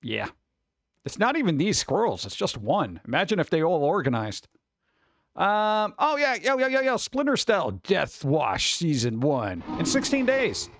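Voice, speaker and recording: A man's voice: high voice, huge pitch swings, measured pace, no room sound. A man streaming live, chatting casually and reading news aloud with offhand jokes in a rambling way.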